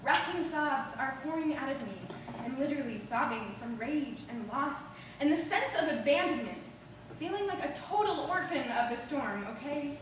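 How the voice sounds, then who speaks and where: A woman with a high-sitting, expressive voice performs a theatrical monologue on a theater stage at a moderate pace, playing a restless, emotional, ungrateful woman stranded waiting. She tells her story in a charged, confessional way, sounding distraught. The recording is distant and echoey, made in a hall with background noise.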